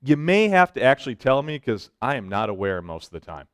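A man preaching a sermon to students, swinging between loud emphatic lines and soft hushed ones, with joking asides. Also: medium pitch, big pitch swings, a little fast, clear, resonant tone, dry recording, studio quality. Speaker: pastor speaking to students.

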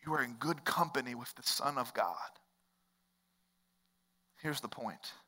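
Impassioned preacher with a bright voice. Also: male voice, mid-range voice, a little slow. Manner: swings from hushed storytelling to impassioned, rising preaching; repetitive rhetorical cadence. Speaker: pastor. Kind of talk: sermon. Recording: long hall reverb.

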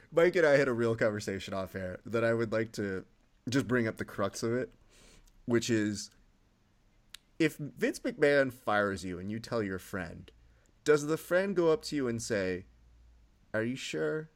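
A man's voice: mid-range voice, lively intonation, moderate pace. A man co-hosting a podcast, telling jokes and stories in a casual way. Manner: jokey, storytelling. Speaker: podcast co-host. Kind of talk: casual chat.

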